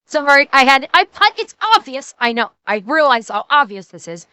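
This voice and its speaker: A woman co-hosting a reaction video, cracking crude jokes and stammering when excited. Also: high voice, moderate pace, no room sound, clean studio sound. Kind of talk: casual reaction commentary.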